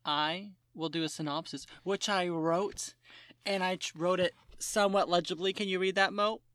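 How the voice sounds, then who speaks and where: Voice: medium pitch, steady tone, normal speed, a bit bright. A podcast co-host in casual chat who reads out a synopsis with joking, sarcastic asides.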